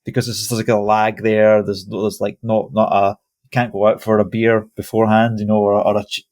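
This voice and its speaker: A man's voice: fairly low pitch, flat delivery, a little fast, a little mellow. A man hosting a podcast interview over a call, casual and hesitant, often restarting his sentences. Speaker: podcast host. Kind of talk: conversational interview. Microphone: video call.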